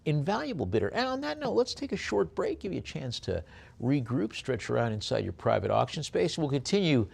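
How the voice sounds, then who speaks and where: A man working as an auctioneer, calling bids in a brisk rhythmic chant and adding chatty asides about the lots. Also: sing-song, gravelly, husky. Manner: drops low and soft on a coaxing "please". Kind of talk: live auction bid calling.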